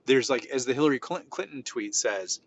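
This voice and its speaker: A man's voice: medium pitch, expressive, fairly quick. A middle-aged man hosting a podcast, telling stories with animation and acting out the exchanges. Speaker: podcast host. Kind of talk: casual podcast chat. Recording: slightly dull audio with faint noise.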